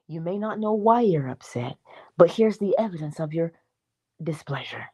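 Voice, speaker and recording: Lively, expressive woman teaching on a livestream. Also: fairly low pitch, normal speed, husky. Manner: emphatic, conversational, asks the audience questions; acts out little dialogues with herself. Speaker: spiritual teacher hosting a morning livestream. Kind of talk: live-stream teaching talk.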